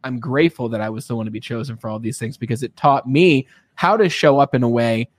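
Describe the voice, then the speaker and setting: A man hosting an interview, telling stories in a casual, animated way and often checking in with his guest. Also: medium pitch, fast talker, no echo, studio quality. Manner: animated storyteller, frequent tag questions. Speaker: podcast host.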